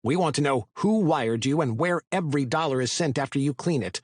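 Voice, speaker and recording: A man voicing a stern male cop who speaks in a clipped, forceful way. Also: on the high side, animated, fairly quick, husky, no room sound, clean studio sound, pitched above the performer's own voice. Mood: threatening.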